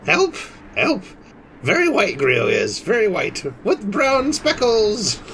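A man voicing a small, excitable lizard kobold that talks in broken, pidgin speech. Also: high-pitched, takes it slowly, vocal fry, heavily acted. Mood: panicky. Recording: background noise.

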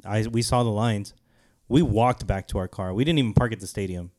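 A man's voice: fairly low pitch, a little fast, a little mellow. A man co-hosting a podcast in casual chat, cracking jokes and laughing along with his friend. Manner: laid-back, laughing, joking replies. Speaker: podcast co-host.

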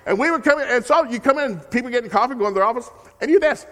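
A middle-aged man preaching a sermon as a guest speaker. He is folksy and humorous and repeats key phrases. He moves between loud, emphatic preaching and quiet, confiding storytelling. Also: extremely high pitch, expressive, fast talker. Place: church sanctuary. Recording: long hall reverb in a church.

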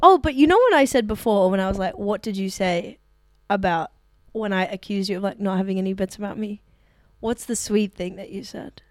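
A woman co-hosting a comedy podcast, telling stories in an animated, giggly way. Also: medium pitch, a little fast, no room sound, clean studio sound. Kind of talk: casual podcast chat.

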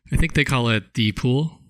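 A man's voice: medium pitch, dry recording. A man co-hosting a podcast, teasing in a dry way. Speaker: podcast co-host. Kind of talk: casual chat.

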